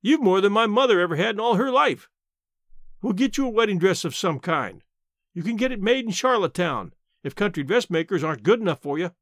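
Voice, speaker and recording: Voicing a sharp-tongued, blunt elderly countrywoman aunt for a story, a man keeps her dry, matter-of-fact and full of plain country talk. His delivery sits high and animated, running a little fast with no echo.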